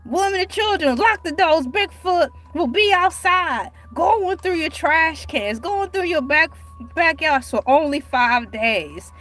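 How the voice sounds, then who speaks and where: A woman chatting casually on her livestream, animated and dramatic, with sudden cries and mock outrage. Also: very high voice, measured pace. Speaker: livestream host.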